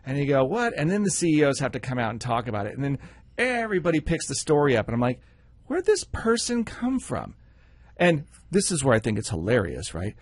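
Husky guy cohosting a radio show, wry and practical, kinda high voice, dry studio sound. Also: sing-song, quick pace, no echo. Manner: pragmatic, wry, laughs often, acts out quotes. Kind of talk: casual radio banter.

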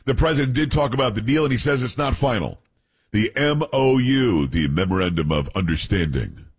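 A man's voice: medium pitch, expressive, brisk, breathy edge. A man hosting talk radio, reading news stories aloud and breaking in with blunt, opinionated asides.

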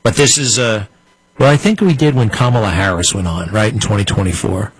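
A man's voice: fairly low pitch, fairly quick, slightly rough, no room sound, poor audio. A man hosting a political commentary show, ranting in a combative, mocking way from a studio.

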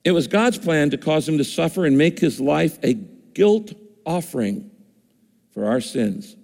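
A man's voice: fairly high pitch, animated, unhurried, gravelly, darkish tone. An older man preaching a sermon in a conversational way, voicing listeners' objections as he goes. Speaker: pastor. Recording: long reverb of a large hall.

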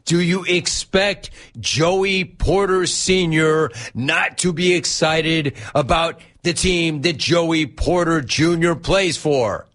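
A man hosting a sports talk show, teasing and animated, reading out chat and laughing often. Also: fairly high pitch.

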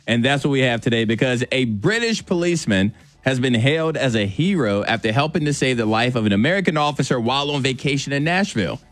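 A man's voice: mid-range voice, animated, fast talker, no echo. A male radio host telling a feel-good story in a playful, chatty way. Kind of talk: radio show chat.

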